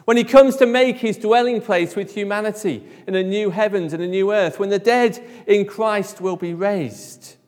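Male preacher, high voice, emphatic delivery with hushed endings, long church-hall reverb. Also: moderate pace, hardly any pauses. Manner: emphatic, drops to a hush at phrase ends. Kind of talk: sermon.

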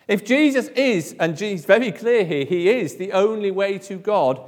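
A man preaches from the pulpit in a fairly high voice. He speaks emphatically and lets his phrases sink to a near hush. His words ring out in a long, echoing church-hall reverb. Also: lively intonation, moderate pace. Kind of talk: sermon.

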